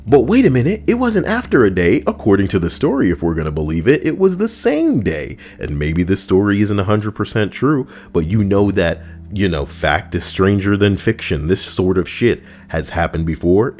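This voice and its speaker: A man's voice: on the low side, a little mellow. A man giving crude, mocking comedic reactions to stories he reads out, ranting as he goes. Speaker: online commentator.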